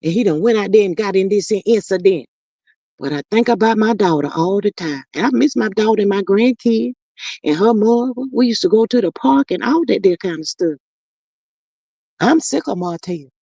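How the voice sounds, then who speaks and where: A woman's voice: mid-range voice, expressive, normal speed, warm tone, dry recording, muffled recording, voice pushed down. A woman voicing a preachy, heartbroken older mother who sighs and calls listeners honey and child.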